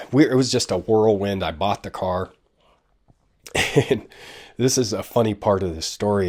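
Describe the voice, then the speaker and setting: This is a man in his fifties with a very low, deep voice who tells a personal story casually. He rambles and makes fun of himself, and his asides drift off before he comes back to the point. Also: a little mellow. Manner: rambling, self-deprecating storyteller with frequent asides. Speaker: podcast host.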